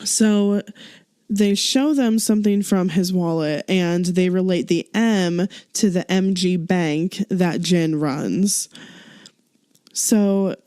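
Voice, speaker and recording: A woman's voice: fairly low pitch, slow pace, warm tone, smooth, no echo, clean studio sound. A woman co-hosting a podcast, chattily recapping a variety show episode, giggling and acting out quotes. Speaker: podcast co-host.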